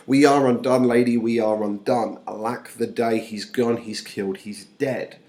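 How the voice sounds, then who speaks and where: A man's voice: medium pitch, fairly even intonation, normal speed, a little mellow, lightly acted. A male teacher reading the lines of the Nurse, a frantic older woman, as a wailing, repetitive lament. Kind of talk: classroom reading of a play.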